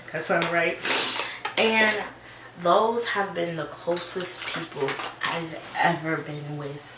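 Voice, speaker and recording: A young woman in her twenties telling a personal story in a casual, animated chat with her viewers. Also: fairly low pitch, takes it slowly, heavy background noise. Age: 20s. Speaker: vlogger. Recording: roomy echo, slightly distant mic.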